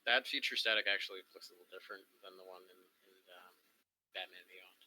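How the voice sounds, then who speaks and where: A man's voice: deep voice, fast talker, bright, forceful tone, rough recording. A young man chatting casually as a co-host, rambling with many ums and restarts. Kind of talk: casual chat. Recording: faint background noise.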